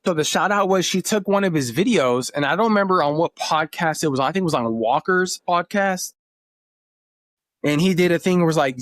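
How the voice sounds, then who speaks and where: A man's voice: on the high side, lively intonation, fairly quick, no echo, clean studio sound. A man in his thirties, a podcast guest, telling family stories in an earnest, emotional way. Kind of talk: casual interview talk.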